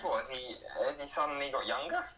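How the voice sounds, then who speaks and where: A man's voice: medium pitch, quick pace, a crowd in the background, low-quality recording. A man co-hosting a casual sports podcast, asking dry, teasing questions. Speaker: podcast co-host.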